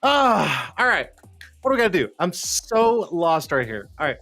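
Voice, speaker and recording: A man's voice: high voice, big pitch swings, moderate pace, a bit bright, no room sound. Flustered cussing livestream host, man. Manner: rambling, cussing, self-deprecating, jokey; flustered, talking to himself while fixing tech. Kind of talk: casual live-stream chat. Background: faint background music.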